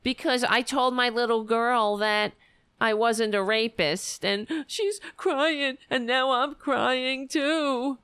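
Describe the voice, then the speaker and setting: A woman's voice: a little high, slow, a bit bright, clear, resonant tone, no echo, studio quality. A woman voicing a blubbering, beer-loving middle-aged male judge who whines and blusters between sobs. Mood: whimpering. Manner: whiny, sobbing, blustering.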